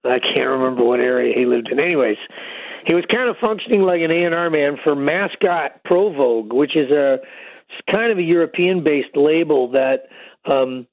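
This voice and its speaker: A man's voice: fairly high pitch, lively intonation, moderate pace, no room sound. An older man, a guest musician, telling long rambling stories with many fillers in a casual phone interview. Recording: tinny phone line.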